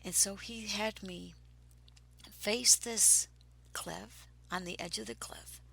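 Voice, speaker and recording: A woman recounts a personal spiritual experience at an unhurried pace. Her voice is bright and edgy but grainy with fry, and she often drifts into breathy whispers before turning emphatic. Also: mid-range voice, rough recording. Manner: grows excited and emphatic. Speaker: spiritual storyteller.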